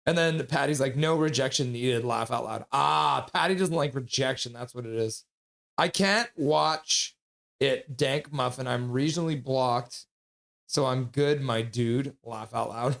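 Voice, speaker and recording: A man's voice: medium pitch, a little slow, gravelly, a bit bright. A man hosting a hockey live stream, chatting casually and reading viewer comments aloud with frequent laughs. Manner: chatty, reads chat messages aloud and laughs often.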